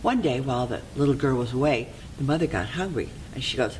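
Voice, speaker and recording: A library volunteer telling a fairy tale aloud in an expressive way, sometimes dropping to a soft whisper. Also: mid-range voice, quick pace, hardly any pauses, slight background noise, low-quality recording.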